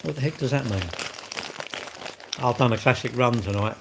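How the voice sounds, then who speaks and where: A man's voice: medium pitch, moderate pace, creaky, background noise. A man, chatting casually on a livestream from home, rambling and greeting viewers by name as he goes. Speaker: livestream host. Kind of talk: casual live-stream chat.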